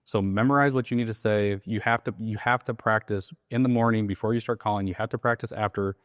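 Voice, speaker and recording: A man coaching on sales calls in a casual interview, animated and acting out softer and louder phone voices. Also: fairly low pitch, fast, no room sound, studio quality. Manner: animated, acts out soft and loud sales calls. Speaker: sales trainer.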